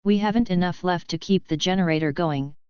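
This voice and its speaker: Blunt young cadet engineer voiced by a woman, grim delivery, clear and low, dull sound. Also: brisk, dry recording, natural voice.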